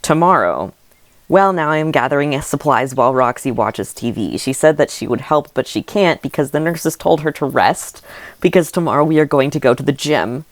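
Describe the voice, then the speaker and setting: A woman's voice: low-pitched, brisk, no room sound. A woman reading her childhood story aloud and mocking it with wry asides and laughter. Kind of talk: comedic reading of old diary with commentary.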